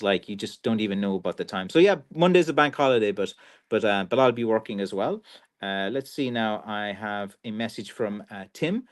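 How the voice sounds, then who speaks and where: Chatty Irish man with a Kerry accent. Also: medium pitch. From Ireland. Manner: rambling, relaxed, many fillers and restarts. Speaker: craftsman hosting a live stream. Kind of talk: casual live-stream chat reading comments.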